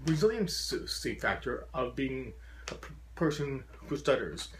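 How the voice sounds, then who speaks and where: A man's voice: medium pitch, very animated, unhurried, a little hiss or hum. A man with a profound stutter giving an earnest, encouraging talk to a support group, often repeating sounds and blocking on words.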